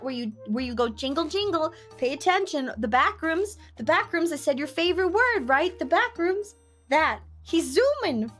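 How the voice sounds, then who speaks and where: A young woman streamer chatting casually, telling family stories with playful, loud acted-out quotes. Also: on the high side. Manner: chatty storytelling, playful, acts out quotes loudly. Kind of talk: casual chat.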